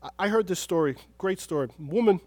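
A pastor delivers a sermon, drifting between quiet, hushed storytelling and bursts of loud, fervent emphasis. His voice sits a bit high for a man. The sound is dry and close, with no room around it. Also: expressive, fast talker, dry recording.

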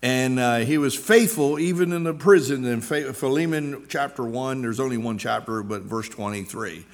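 A middle-aged male pastor preaching a sermon with earnest emphasis, telling personal stories and reading scripture. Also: normal speed. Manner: earnest preaching, with rises in pitch and loudness for emphasis; acts out quoted speakers while telling stories.

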